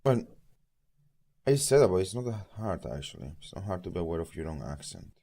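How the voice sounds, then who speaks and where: Rambling man, lively low voice. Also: a little fast, gravelly. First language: Spanish. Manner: rambling, goes off on tangents, self-correcting. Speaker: streamer. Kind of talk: casual rambling chat. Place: at home, eating while streaming.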